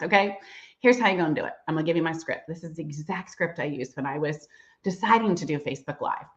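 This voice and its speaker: Bubbly fast-talking woman sales trainer. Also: on the low side, dull audio. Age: middle-aged. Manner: fast, bubbly and chatty, calling listeners girl and y'all. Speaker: sales director giving a training. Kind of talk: live-streamed sales training. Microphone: computer mic on a live stream.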